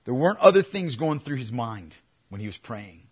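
Husky-voiced man preaching a sermon. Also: mid-range voice, sing-song, normal speed. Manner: earnest, swings from hushed to emphatic. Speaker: pastor.

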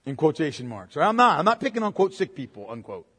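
A man's voice: a little high, big pitch swings, fast talker, fairly bright tone, breathy edge, in a large hall. A pastor preaching a sermon in a conversational way, firing off rhetorical questions and calling listeners "man.".

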